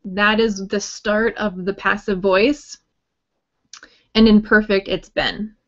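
A woman teaching a grammar workshop at an unhurried pace, friendly and explanatory, with light joking asides. Her voice sits at a middling pitch. The sound is slightly dull and lo-fi. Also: steady tone. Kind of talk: recorded grammar lesson talk.

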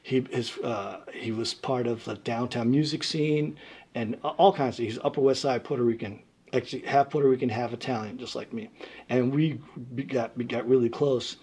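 Husky New man telling stories. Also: mid-range voice, moderate pace. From New York. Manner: animated storyteller, loud when acting out quotes. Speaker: guest musician. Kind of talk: casual interview storytelling.

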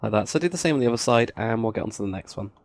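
Man, game tutorial host, raspy edge, counting aloud, casual asides. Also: medium pitch, animated, very fast, no room sound. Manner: counts blocks aloud, chatty asides, self-mocking. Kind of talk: casual screen-recorded building tutorial.

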